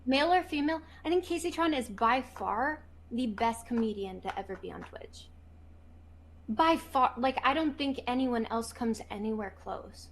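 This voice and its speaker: A young woman chatting casually as a guest on a livestream, rambling and gushing, with restarts and fillers. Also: a little high. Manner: rambling, gushing, puts on a pleading baby voice at times. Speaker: stream guest. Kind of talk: casual stream chat.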